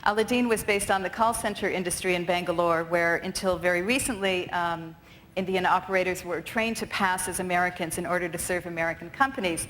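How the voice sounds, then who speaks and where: A woman's voice: lowish voice, fairly even intonation, brisk, a bit bright, a little hiss or hum, rough recording. A woman theater director giving a conference talk, speaking articulately with occasional fillers. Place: conference stage.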